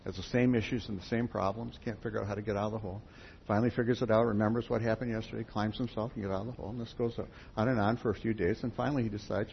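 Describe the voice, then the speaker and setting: A man's voice: lowish voice, steady tone, rapid-fire, gravelly. A man speaking at a spiritual gathering, a folksy storyteller who tells parables and talks straight to his group. The sound is dull and lo-fi with faint background noise. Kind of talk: sermon with storytelling.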